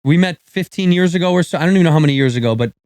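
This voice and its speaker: High-voiced, fast, teasing man. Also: darkish tone, clean tone, no room sound. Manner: teasing, mock-serious, relentless ribbing. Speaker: comedian guest. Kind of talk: casual podcast banter.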